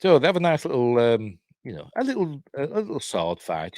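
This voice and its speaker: A man's voice: mid-range voice, lively intonation, moderate pace, hardly any pauses, no echo, studio quality. A man giving a rambling, sardonic casual film commentary, chuckling often as he walks through a movie. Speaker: film reviewer.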